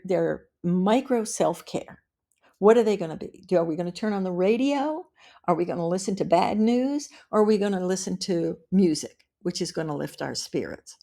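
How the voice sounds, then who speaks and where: A middle-aged woman presenting a caregiving webinar in a calm, practical way, repeating key phrases for emphasis. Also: mid-range voice. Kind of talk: instructional webinar talk.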